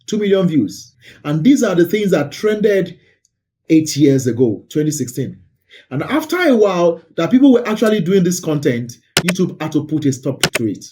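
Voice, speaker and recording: A man's voice: a little high, very animated, moderate pace, darkish tone. A man hosting a casual screen-share commentary about online videos, emphatic and often repeating words for stress. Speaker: YouTube creator and host.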